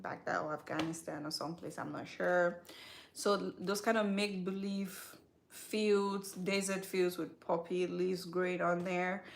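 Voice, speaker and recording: A woman hosting a skincare live stream, chatting casually and straight to her viewers with slangy asides. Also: mid-range voice. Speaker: skincare channel host.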